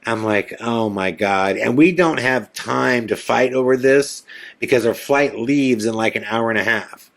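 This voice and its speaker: A middle-aged man tells a personal story on his podcast in a voice of ordinary pitch. He acts out each exchange with lively energy and breaks into loud shouts at the tense moments. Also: measured pace, vocal fry. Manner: animated storyteller acting out dialogue, shouting at peaks. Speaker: podcast host. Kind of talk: storytelling monologue.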